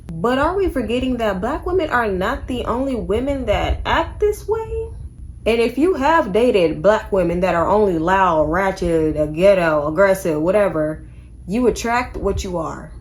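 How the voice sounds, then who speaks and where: Sassy young woman vlogging commentary. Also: medium pitch. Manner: sassy, emphatic, rhetorical questions. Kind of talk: casual commentary.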